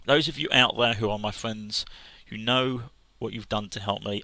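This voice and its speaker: A man talking sincerely to camera as a gaming vlogger, halting with restarts and fillers. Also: fairly low pitch, fairly even intonation, creaky, pushed and bright, no echo. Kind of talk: casual earnest talk to camera.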